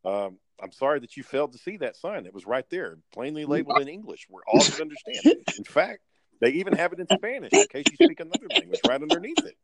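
A man's voice: fairly high pitch, wildly swooping pitch, fast talker. A man telling a blunt, profanity-laced story in casual chat.

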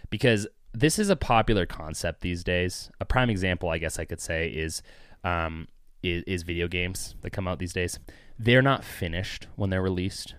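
A man's voice: low voice, moderate pace, clear, resonant tone, dry recording. A man co-hosting a podcast with brash, sarcastic, profane commentary in a studio. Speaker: podcast co-host. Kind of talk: casual comedic commentary.

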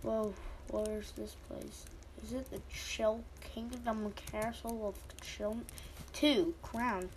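A woman's voice: a little high, fairly even intonation, takes it slowly, a little hiss or hum, rough recording. A young woman rambling through casual, silly game commentary, easily surprised, with game music playing behind.

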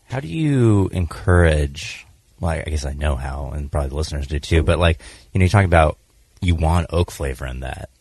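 A man's voice: rumbling low, a little fast, gravelly, slightly rough, no room sound, clean studio sound. A man hosting a podcast in casual chat, talking loosely with lots of fillers. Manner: relaxed, filler-heavy talk. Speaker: podcast host.

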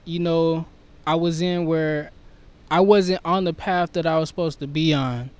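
A man in casual conversation, talking reflectively and softly about his own life and struggles. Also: a little high, steady tone, measured pace, clear, resonant tone, dry recording. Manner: reflective, soft-spoken, storytelling. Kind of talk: casual chat.

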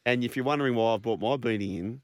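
A man's voice: mid-range voice, no room sound, clean studio sound. A man co-hosting a radio show, chatting casually and teasing his partner. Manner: teasing, quick to laugh. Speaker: radio co-host. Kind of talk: casual chat. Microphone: studio microphone.

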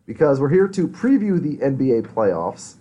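A man hosting a podcast in casual chat, quick and animated, laughing often. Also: medium pitch, slightly rough. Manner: fast, animated, laughs a lot. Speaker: podcast host.

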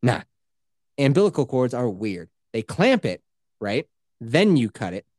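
A man's voice: mid-range voice, big pitch swings, a little slow, a little mellow, no echo, studio quality. A man telling a story in casual chat, swearing freely and acting out the quotes.

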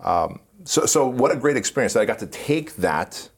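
A man guest in an interview, telling animated stories and laughing often. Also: medium pitch, moderate pace, husky. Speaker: podcast guest. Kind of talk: casual storytelling interview.

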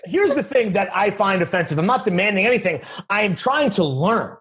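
Lively, provocative man co-host. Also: high-pitched, a little fast, slight background noise. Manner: teasing, provocative questioner. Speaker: podcast co-host. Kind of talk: casual chat.

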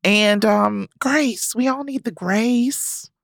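A playful woman co-hosting a podcast, chatting casually and teasing her co-host. Her voice carries a gravelly fry at mid pitch. The sound is dry and close, with no room around it. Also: slow, no room sound. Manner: playful, joking, laughs often.

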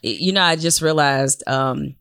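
A woman's voice: deep voice, moderate pace, creaky, fairly bright tone, dry recording, clean studio sound. A woman from Detroit hosting a podcast interview, talking bluntly and emphatically and swearing freely. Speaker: podcast host. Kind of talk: casual conversational interview.

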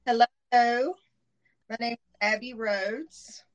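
A woman's voice: medium pitch, measured pace, a bit bright, highs cut off. A woman in her forties from Middle Georgia with a Southern accent, a podcast guest talking candidly with lots of ums and hesitations. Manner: hesitant, many ums, laughs easily. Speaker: interview guest. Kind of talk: candid conversational interview.

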